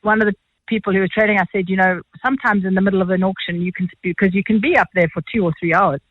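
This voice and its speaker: South African woman, quick chatty storyteller, tinny phone line, dry sound. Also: mid-range voice, no echo. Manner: fast-talking, chatty, animated. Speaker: art auctioneer guest. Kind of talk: phone interview, anecdotal storytelling.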